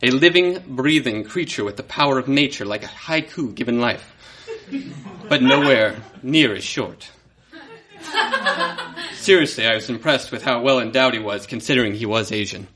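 A man reading a comic story aloud to a live audience in a mock-dramatic storytelling manner, with pointed pauses. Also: medium pitch, crowd noise.

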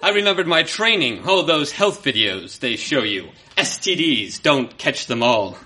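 A man reading a comic story aloud to a live audience in a mock-dramatic storytelling manner, with pointed pauses. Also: a little high, sing-song, very noisy.

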